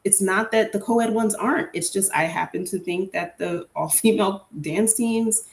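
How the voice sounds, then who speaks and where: A woman's voice: mid-range voice, normal speed, gravelly, roomy sound. A young adult woman hosting a casual solo podcast, chatty and candid with an opinionated, filler-heavy way of talking. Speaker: podcast host.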